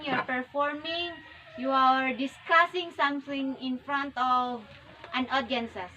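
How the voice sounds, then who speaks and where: A young woman giving a demo classroom lesson, explaining slowly with frequent restarts and repetition. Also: high-pitched, bright, forceful tone, a little hiss or hum, rough recording. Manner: slow, repetitive, self-correcting classroom explanation. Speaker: teacher. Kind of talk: demo micro-teaching lesson.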